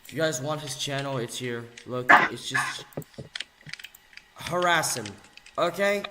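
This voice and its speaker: A young man ranting angrily on video, mocking and insulting, swinging between low mutters and loud yells. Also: a little slow, heavy background noise. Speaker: video ranter. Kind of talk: angry rant video. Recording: echoey room.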